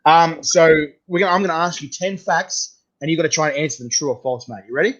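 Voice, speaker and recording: The recording is muffled and lo-fi as an Australian host chats casually in a quick, fairly bright voice on the high side. Laid-back and chatty, he says "mate" often and tends to restart sentences.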